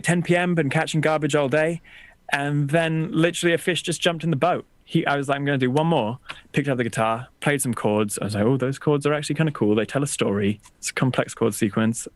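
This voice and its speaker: A musician guest chatting casually from a small home studio room over a video call, self-deprecating and full of restarts. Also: male voice, mid-range voice, fairly even intonation, fairly quick, dry recording. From England, raised partly in Texas.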